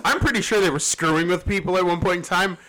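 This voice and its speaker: A man's voice: high voice, fast, noisy background. A man hosting a casual history podcast, rambling and laughing often as he explains. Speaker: podcast host.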